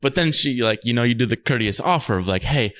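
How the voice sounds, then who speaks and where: A man's voice: mid-range voice, lively intonation, fast talker, a bit bright. A young man co-hosting a podcast, telling a rambling story in casual chat, laughing often and swearing freely. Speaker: podcast co-host.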